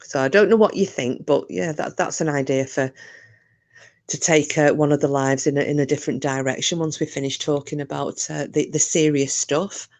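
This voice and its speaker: A woman's voice: low-pitched, steady tone, moderate pace, a little mellow. A woman hosting a casual live-stream chat, rambling and self-interrupting with frequent jokes. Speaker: livestream host.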